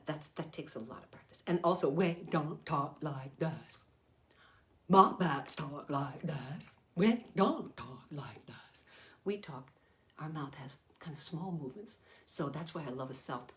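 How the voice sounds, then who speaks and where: An older woman, a children's entertainer, giving a chatty, rambling puppet-making lesson with frequent self-corrections. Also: deep voice.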